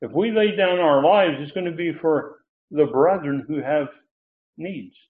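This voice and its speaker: A man's voice: on the high side, a little slow. Man preaching over tinny phone-like audio. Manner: teacherly, stresses key words with sudden lifts. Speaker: pastor. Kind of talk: expository sermon.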